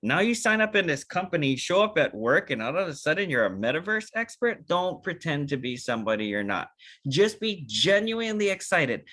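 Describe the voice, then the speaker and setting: A man giving an energetic, animated training talk on a video call, acting out short dialogues with big jumps in pitch. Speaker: network marketing trainer.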